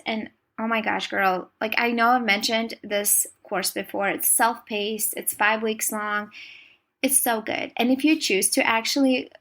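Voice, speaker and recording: A young woman coaching her listeners on a podcast, speaking in a chatty, encouraging manner. Her voice sits a little higher than usual. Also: husky. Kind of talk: podcast monologue.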